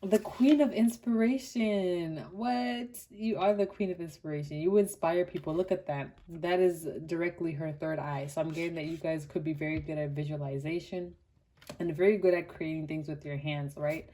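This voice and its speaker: Young woman from Botswana, low mellow tone, animated casual tarot reader. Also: fairly quick. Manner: chatty and animated, many "like" fillers, laughs often. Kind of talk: casual pick-a-card tarot reading.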